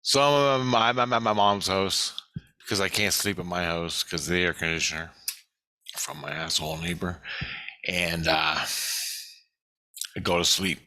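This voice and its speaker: A man with a lowish voice tells a long story off the cuff, swearing freely as he rambles on. His tone is bright and forceful, and he keeps hammering his points home. The sound is close and dry, with no room around it. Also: a little slow, pauses often, no room sound. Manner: profane, rambling, emphatic. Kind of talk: casual monologue recounting a dream.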